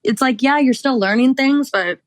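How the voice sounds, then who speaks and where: A woman's voice: high-pitched, normal speed, no room sound. A woman in her thirties, the host, talking through her own life in a candid, rambling monologue, full of "like" and small laughs. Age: 30s. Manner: rambling and confessional, frequent "like" fillers, laughs often. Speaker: podcast host.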